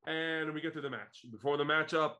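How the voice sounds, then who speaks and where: A man from Israel co-hosts a casual wrestling podcast, with a fairly high voice. He tells the story with animated energy and laughs easily. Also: a little fast. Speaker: podcast co-host. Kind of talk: casual wrestling review chat.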